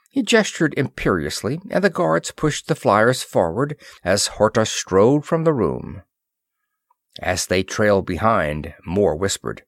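A man narrates a story at an unhurried pace. His voice sits low and moves through a wide pitch range, recorded dry and close. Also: very animated, creaky, dry recording. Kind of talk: reading a pulp science-fiction story aloud.

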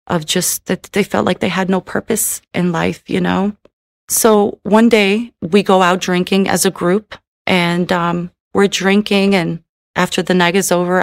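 A woman's voice: fairly low pitch, no room sound, studio quality. A middle-aged woman giving an emotional personal testimony in a tearful manner, with many repeated "you know"s. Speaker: testimony speaker.

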